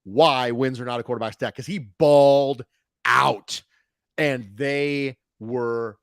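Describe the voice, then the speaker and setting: A man hosting a casual sports podcast, talking in an animated way with quick jokey asides. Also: medium pitch, vocal fry, clear, resonant tone, no echo, studio quality. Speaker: show host.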